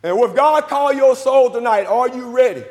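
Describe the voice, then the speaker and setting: A man preaching a sermon in call-and-response style, asking questions and answering them himself, swinging between shouts and low murmurs in a church. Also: normal speed. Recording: hall reverb.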